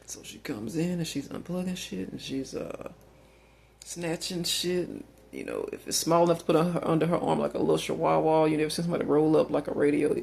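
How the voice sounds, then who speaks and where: A man's voice: a little high, lively intonation, fairly quick, creaky, darkish tone, slight background noise. A man telling a long rambling story in a casual monologue, swearing freely and filling gaps with "uh" and "like". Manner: rambling, profane, lots of fillers.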